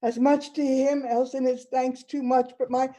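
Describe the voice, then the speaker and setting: A woman's voice: high voice, level tone, normal speed, dark tone, natural voice. A woman playing a lovestruck Juliet.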